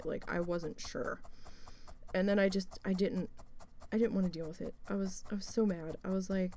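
A woman's voice: on the low side, fairly even intonation, brisk, vocal fry, warm tone. Exasperated woman telling a story. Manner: exasperated, swears often, frequent restarts. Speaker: vlogger. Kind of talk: casual storytelling while crafting.

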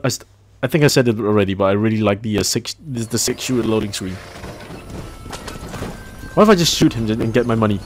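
A man's voice: lowish voice, slight background noise. A man giving crude, chatty commentary while playing a game. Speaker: gameplay commentator. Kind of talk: casual let's-play commentary.

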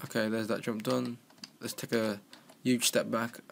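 Young guy chatting over his game, jokey and excitable, mid-pitched, keyboard clacking loud in the back. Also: unhurried, vocal fry, heavy background noise. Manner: excitable, joking self-talk. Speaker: gaming commentator. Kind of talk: casual gameplay commentary. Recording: home recording with keyboard clicking.

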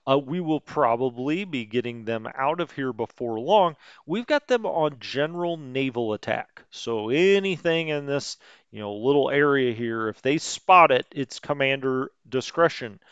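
A man's voice: medium pitch, lively intonation, measured pace, a bit bright, clean tone, no echo, dull audio. A man casually commentating a strategy game stream, chatting with viewers and cracking light jokes. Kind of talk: casual let's play commentary.

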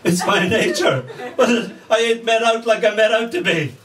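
A man's voice: high-pitched, moderate pace, a crowd in the background, pitched above the performer's own voice, lightly acted. A man doing the colour Black, moaning. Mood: wry. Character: self-pitying gloomy colour Black, typecast. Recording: distant mic with faint room noise.

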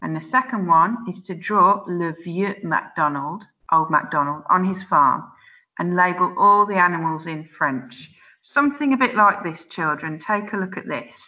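A woman teaching children an online French lesson, saying words slowly and clearly for them to repeat, chatty and laughing at her own slips. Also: lowish voice, expressive, highs cut off. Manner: slow, clear drilling of words for repetition; chatty and self-mocking, exclaims at slips. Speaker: primary school teacher.

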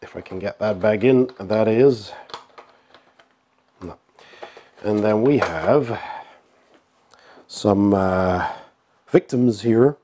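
A man's voice: fairly low pitch, very slow, pauses often. A man with a cold and a nasal voice, casually commenting while unboxing a board game, with frequent fillers and chuckles. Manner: relaxed, chuckling, lots of fillers.

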